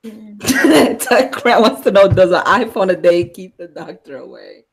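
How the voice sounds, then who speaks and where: A middle-aged woman co-hosting a casual chat, playful and quick to giggle. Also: medium pitch, animated. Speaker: co-host.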